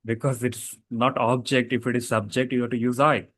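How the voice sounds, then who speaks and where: A man's voice: mid-range voice, level tone, normal speed, a bit bright, dry recording. A man teaching a casual grammar lesson, explaining rules with fillers and self-corrections.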